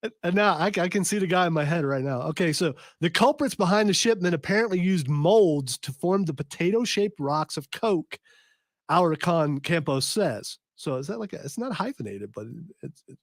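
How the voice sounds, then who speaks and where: A man hosting a live talk radio show, reading news out loud and joking, stumbling over long names. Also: fairly high pitch, expressive, normal speed, dry recording, studio quality. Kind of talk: casual live radio chat.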